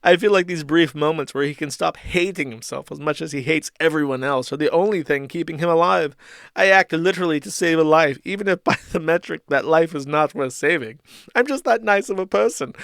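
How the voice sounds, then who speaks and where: A man's voice: fairly high pitch, fairly quick, vocal fry, fairly bright tone, no echo, studio quality. Sardonic man ranting on stream. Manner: mocking, rambling, swearing. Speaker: streamer host. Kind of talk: sarcastic commentary stream.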